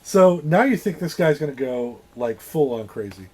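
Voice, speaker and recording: Casual male podcast co-host, slightly high voice, rambling and animated plot recap. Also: moderate pace, a loud crowd. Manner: animated retelling with acted-out quotes and swearing. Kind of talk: casual movie review chat.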